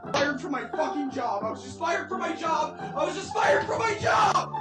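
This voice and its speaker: A woman's voice: high voice, very animated, moderate pace. A woman screaming hysterically and sobbing. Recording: echoey, distant, loud music and crowd.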